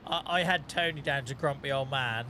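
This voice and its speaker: Male streamer, jokey and rambling, bright forceful tone, faint background noise. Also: medium pitch, a little fast. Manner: jokey, rambling, laughs often. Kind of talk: casual gameplay commentary.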